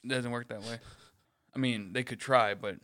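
A podcast co-host with a medium-pitched, slightly bright voice keeps a steady tone and moderate pace. In casual chat he tells a rambling workplace story, swearing freely and mimicking other people in quoted lines.

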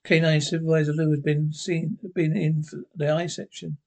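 A man's voice: a little high, flat delivery, normal speed, vocal fry, darkish tone. A man reading as the eccentric Doctor. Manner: reads each speaker's name before the line. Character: the eccentric adult male Doctor, a time traveller.

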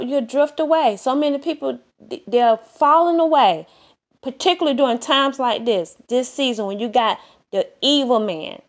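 Woman preacher with a slightly high voice, delivering an earnest, repetitive sermon. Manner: earnest, repetitive exhortation with many restarts.

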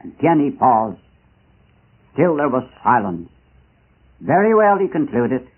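A man preaching a missionary sermon, impassioned and dramatic, with rising rhetorical questions and slow emphatic pauses. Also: medium pitch, sing-song, slightly rough. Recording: tinny lo-fi archival recording.

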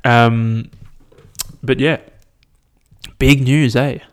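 A young man talks into his podcast mic on his own, rambling casually from one thought to the next. He swears freely and pokes fun at himself in a relaxed, unscripted way. His voice sits at an ordinary middle pitch for a man. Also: drawn-out words, smooth. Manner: rambling, swearing, self-mocking. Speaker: podcast host. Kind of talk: casual solo podcast chat.

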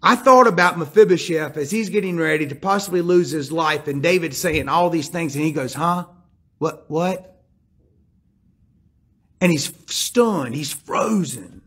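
A man preaching a sermon that mixes a personal story with scripture. He shifts between hushed, quiet passages and emphatic, building ones. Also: on the high side, normal speed, hardly any pauses, slightly rough. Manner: animated storyteller, drops to hushed tones then builds emphatically.

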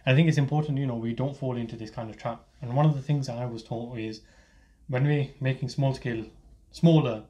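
Male co-host, brisk advice, medium pitch, casual. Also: muffled recording. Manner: calm advice-giving with fillers. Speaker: podcast co-host. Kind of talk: casual podcast chat.

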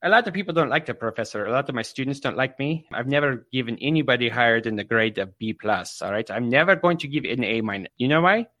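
A man putting on a cranky old-school professor, bossing a student around in a raised, pushy voice. He is gruff and profane, and he sounds close and dry with no room sound. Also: medium pitch, expressive, quick pace, hardly any pauses, bright, forceful tone, no room sound. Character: bossy, cranky male professor barking orders. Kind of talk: improvised comic role-play on a livestream.

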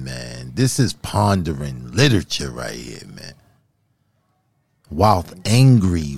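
A man hosting a podcast, chatting casually and praising a poem, laid-back and drawn-out. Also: low voice, vocal fry, darkish tone, dry recording. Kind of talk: casual chat.

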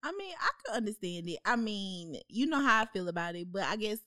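A woman co-hosting a casual podcast chat, teasing her co-host with deadpan jokes. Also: mid-range voice, fairly quick, no room sound, clean studio sound.

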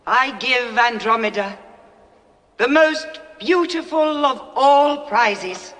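A woman's voice: fairly high pitch, slow pace, a bit bright. An actress playing a proud queen in a film drama who speaks in a solemn, ceremonial way. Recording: reverberant hall with film score.

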